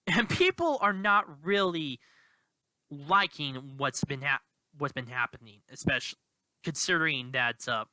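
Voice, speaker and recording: A man giving political commentary in a vlog, halting and indignant, with many restarts. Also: a little high, expressive, bright, forceful tone, dry recording. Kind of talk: commentary vlog, reading quotes aloud.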